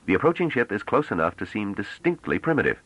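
A man's voice: lowish voice, very animated, quick pace, a bit bright, no echo, voice pushed up, rough recording. A man voicing a tense, restless ex-navy politician in an audiobook, impatient and sarcastic. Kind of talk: audiobook character reading.

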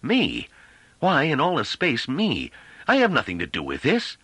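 A man voicing a blunt, skeptical man who questions forcefully and flares into anger. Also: on the low side, big pitch swings, a little fast, slightly rough, dry recording, voice pushed up, heavily acted. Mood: indignant.

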